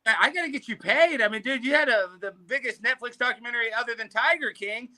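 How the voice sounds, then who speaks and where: A man on a talk show as a guest, delivering brash comedic rants in a rapid, loud way. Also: very high-pitched. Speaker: guest commentator.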